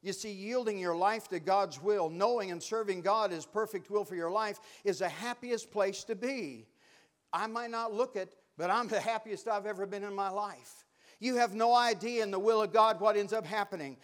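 A man's voice: high voice, moderate pace, a bit bright. An older man preaching a sermon, telling folksy stories and building to fervent exhortation.

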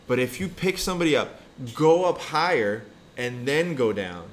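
A man's voice: medium pitch, animated, moderate pace, a little hiss or hum. A man in casual podcast chat, blunt and emphatic, swearing often as he argues his point.

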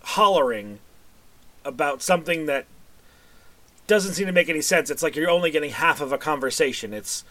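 Brief: male game master, slightly high-pitched, loose rambling narration. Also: expressive, normal speed, long pauses, a bit bright. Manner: rambling, with frequent fillers and self-corrections.

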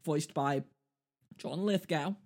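A man's voice: a little high, takes it slowly. A man co-hosting a podcast, chatting casually about a film in a rambling, self-mocking way and laughing often. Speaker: podcast co-host. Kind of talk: casual film-review chat.

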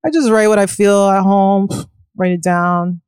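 A young woman, a musician being interviewed, telling a personal story in a quick, animated, casual way with plenty of swearing. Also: mid-range voice, smooth, dry recording, clean studio sound. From Caribbean family. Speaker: musician guest.

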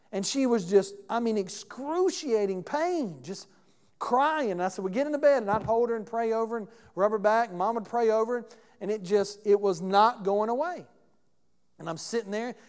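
A high-pitched, smooth, expressive man's voice at a moderate pace delivers a sermon in a church sanctuary. The pastor narrates a story in a conversational way and addresses questions to his congregation, heard through long hall reverb.

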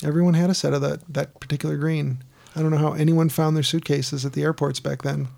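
Gravelly man rambling through a story. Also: on the high side, quick pace. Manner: rambling, animated storyteller with fillers. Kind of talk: casual podcast chat retelling a film.

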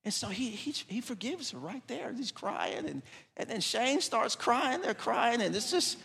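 A pastor with an extremely high, creaky voice and a breathy edge preaches a little slowly. He brings a lively story to life by voicing its people, then softens to a hush for his appeal.

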